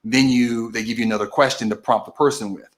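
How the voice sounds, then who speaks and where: A man's voice: mid-range voice, fairly even intonation, fast. A man hosting a political stream, casually walking through a process step by step, often restarting and correcting himself mid-sentence. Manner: explains methodically, with frequent restarts and self-corrections. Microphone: camera video recording.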